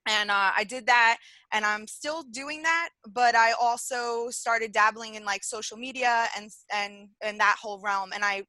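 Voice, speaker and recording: Female caller, 30s, bright slightly high voice, eager and rambling. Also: measured pace, no echo. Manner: excited, rambling, with many fillers. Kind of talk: excited call-in chat.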